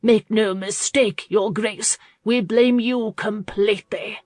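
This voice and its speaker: A woman's voice: on the high side, unhurried, no echo. A woman reader voicing a haughty, scornful older aristocratic lady with a spiteful edge.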